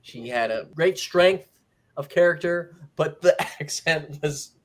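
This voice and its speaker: A man hosting a casual movie review chat, animated and jokey, slipping into mock voices. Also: fairly high pitch, slow pace. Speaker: movie review podcast host.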